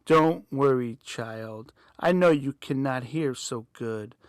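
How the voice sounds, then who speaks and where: A man voicing a sinister male spirit speaking over a staticky phone line, low and menacing. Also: slow pace, clear, resonant tone, no room sound, clean studio sound.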